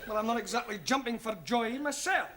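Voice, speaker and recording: An exasperated teacher. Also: male voice, very high-pitched, a loud crowd. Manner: brisk, exasperated, correcting. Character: patient but exasperated English teacher. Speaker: teacher of English. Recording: hissy old TV sitcom recording.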